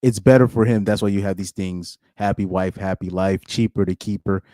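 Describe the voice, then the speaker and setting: Male channel host, low mellow voice, opinionated live commentary, keeps repeating his points, dry close sound. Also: steady tone, a little fast, no room sound. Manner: opinionated, repeats phrases for emphasis. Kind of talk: casual live reaction commentary.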